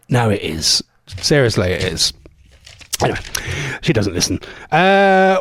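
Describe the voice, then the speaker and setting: A man's voice: fairly high pitch, lively intonation, slow, long pauses, no room sound, studio quality. A man hosting a live local radio show, chatting casually and rambling with self-mocking asides. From England. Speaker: radio host. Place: radio studio. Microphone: studio mic.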